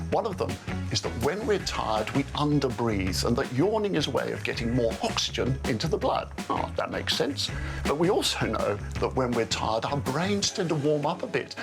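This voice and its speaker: A man's voice: mid-range voice, vocal fry. A man, a doctor, explaining science in a playful, enthusiastic way for a TV segment. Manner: playful, enthusiastic, wonder-filled. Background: music.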